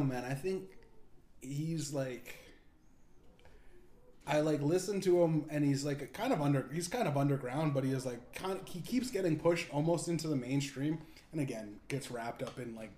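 A man's voice: mid-range voice, warm tone. A man hosting a podcast in casual, rambling chat, swearing and laughing often. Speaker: podcast host. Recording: echoey room, faint background noise.

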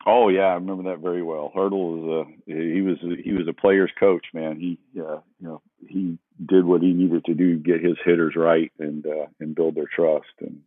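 A man's voice: sits low, flat delivery, normal speed, dry recording. A man, a former scout, guesting on a podcast, speaking hesitantly with many fillers over a call-in line. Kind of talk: casual interview chat. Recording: tinny phone-like call line.

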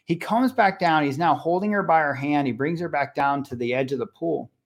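A middle-aged man, a parenting coach appearing as a podcast guest, speaking conversationally and telling a family story with animated voices for each character. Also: on the high side, fairly quick. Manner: animated, acts out voices in his stories.

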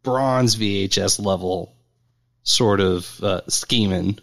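A man's voice: low-pitched, slow, vocal fry, fairly bright tone. A man co-hosting a podcast in casual chat, making wry jokes and laughing easily. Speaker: podcast co-host.

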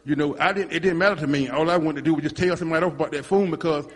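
A man's voice: fairly high pitch, fairly even intonation, rapid-fire, slightly rough, big-room sound. A man telling a rambling church testimony, restarting and repeating himself as he goes. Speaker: congregant giving a testimony.

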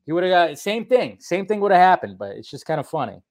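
Guy doing a casual movie news vlog, kinda high voice, rambly and excitable, curses a lot. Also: fast. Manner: rambling, excitable, swears freely. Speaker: online movie news host. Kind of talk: casual solo commentary vlog.

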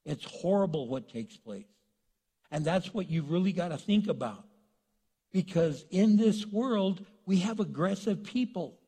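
Preacher retelling a story in a big hall. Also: male voice, high voice, measured pace, husky. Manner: animated storytelling, acts out characters. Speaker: pastor. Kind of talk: sermon. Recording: long reverb in a large hall.

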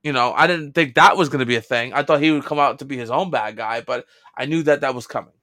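A man's voice: mid-range voice, quick pace, pushed and bright, no echo, studio quality. Blunt swearing young man ranting. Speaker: podcast co-host. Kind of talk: casual movie-review chat.

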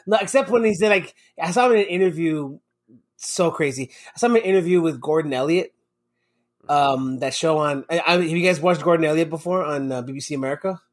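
A man's voice: fairly high pitch, brisk. A man hosting a casual podcast chat, rambling and swearing often and going off on tangents. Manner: rambling, profane, goes off on tangents. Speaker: podcast host.

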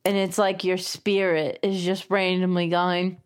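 A woman co-hosting a casual podcast chat, talking in a reflective, gently teasing way and laughing easily. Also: lowish voice, little pitch movement, a little slow, smooth. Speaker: podcast co-host.

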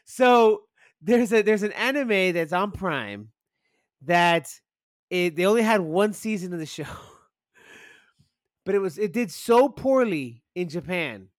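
High-voiced excitable man ranting. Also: unhurried, long pauses, no room sound. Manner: excitable, profane, rambling. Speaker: podcast co-host. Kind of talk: casual podcast chat.

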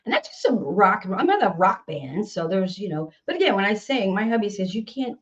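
A woman's voice: medium pitch, very animated, a little fast, highs cut off. A singer-songwriter woman from Nashville with a Southern accent, chatting casually in an interview, laughing often and restarting her sentences. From Nashville, Tennessee.

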